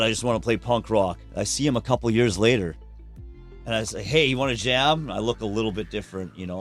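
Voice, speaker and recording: A man, a musician guest on a podcast, telling stories in a candid, profane, animated way and acting out what others said. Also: low-pitched. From Canada. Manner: candid, profane, animated storyteller who acts out quotes. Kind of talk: casual conversational storytelling.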